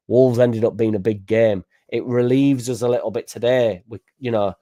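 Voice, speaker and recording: A young man, hosting a fan channel in casual live-stream chat, rambling and excitable with sweary banter. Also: mid-range voice, normal speed. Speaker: football fan channel host.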